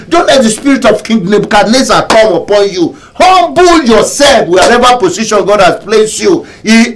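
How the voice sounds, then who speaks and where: A man preaching a sermon as pastor, emphatic and repetitive, with sudden shouts. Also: high-pitched, rough recording. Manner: emphatic preaching, repeats phrases and bursts into shouts.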